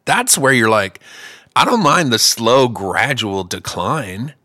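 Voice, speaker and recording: A man's voice: mid-range voice, very animated, slow, sharp tone, no room sound, clean studio sound. A middle-aged man hosting a podcast, telling stories in a profane, joking way and acting out both sides of each conversation. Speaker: musician and podcast host. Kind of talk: casual storytelling chat.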